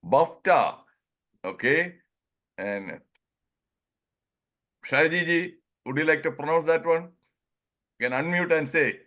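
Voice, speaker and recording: A slightly high male voice with lively intonation and a sharp tone belongs to an Indian English-accented presenter from India. In his informal online group session on pronunciation, he acts out brief dialogues, chuckles often and drags out words slowly.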